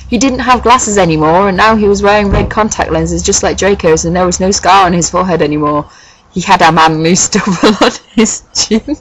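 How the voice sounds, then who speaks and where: A woman doing a comic dramatic reading of a fan fiction, breaking off for sarcastic, deadpan asides with swearing. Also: medium pitch, low-quality recording. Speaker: reader and commentator of a fan fiction.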